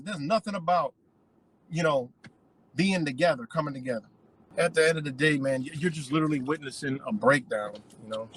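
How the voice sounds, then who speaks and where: A man's voice: mid-range voice, a bit bright, a little hiss or hum, poor audio. A man hosting a commentary video, ranting in a heated, profane, repetitive way. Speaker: commentary channel host. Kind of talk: casual profane rant.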